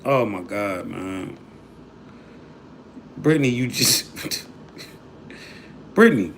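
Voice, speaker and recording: A man's voice: on the low side, lively intonation, drawn-out words, creaky, long pauses. A man hosting a livestream, talking loosely and profanely to his chat in disbelief. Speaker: livestream host.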